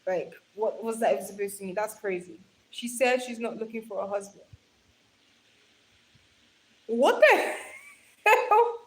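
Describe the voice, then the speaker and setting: A woman's voice: medium pitch, fairly even intonation, a little fast, hardly any pauses, darkish tone. A young woman chatting casually on a live stream, reading viewer comments aloud and laughing often.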